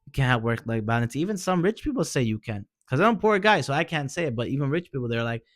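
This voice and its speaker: Fast, animated and a little high, this man's slightly bright voice comes through clean with no echo. He's a vlogger passing on sincere, encouraging advice from personal experience, using slang and frequently addressing the listener as man or bro.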